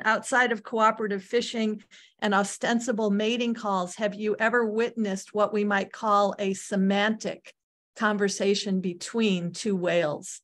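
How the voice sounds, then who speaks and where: A woman's voice: mid-range voice, steady tone, normal speed, fairly bright tone. A woman hosting a video call talk, reading audience questions aloud with hesitant fillers.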